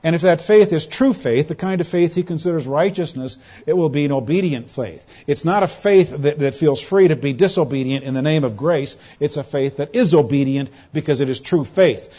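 A man's voice: a little high, fairly quick, hardly any pauses, dark tone, muffled recording. A man preaching an expository sermon in earnest, repeating words and phrases for emphasis.

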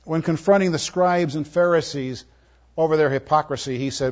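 A man preaching a sermon, moving between emphatic, forceful lines and soft, tender ones. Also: on the high side, normal speed. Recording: muffled, lo-fi audio.

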